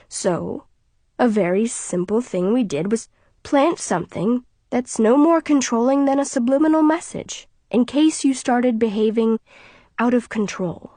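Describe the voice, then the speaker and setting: A father who speaks in a measured, reasoning tone that soothes while it controls, as a woman reads him. The voice stays fairly high, and the sound is dry. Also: dark tone, dry recording.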